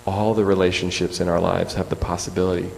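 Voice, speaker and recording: A man in his forties, a guest speaker, telling an animated personal story in a sermon. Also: deep voice, fast, vocal fry. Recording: echoey hall with faint hum.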